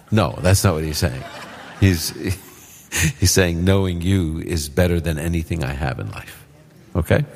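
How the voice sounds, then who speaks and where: A man answering Bible questions before a live audience, explaining in a relaxed, conversational way. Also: very deep voice. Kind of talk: call-in Bible Q&A. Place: live event hall with audience. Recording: long hall reverb.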